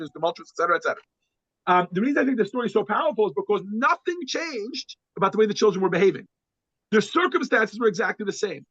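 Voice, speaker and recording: A man's voice: sits high, fairly bright tone, dry recording, dull audio. A man teaching a class, telling a story to make his point, often repeating words and restarting sentences.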